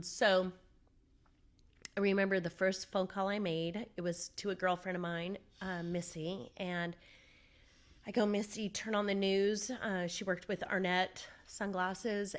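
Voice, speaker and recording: A woman from Southern California, an interview guest recounting a personal story, animated and acting out what people said. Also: on the low side. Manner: animated storyteller, acts out her own quotes.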